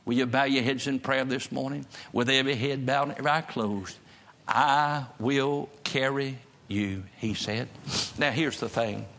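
A man's voice: mid-range voice, steady tone, fairly quick, gravelly, a bit bright. A man preaching a sermon in a church service, emphatic and repeating his key phrases. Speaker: pastor.

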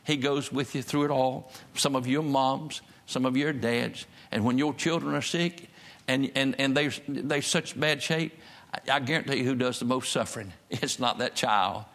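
A man's voice: medium pitch, moderate pace, a bit bright. Folksy preaching man, emphatic refrains. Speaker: pastor. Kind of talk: sermon.

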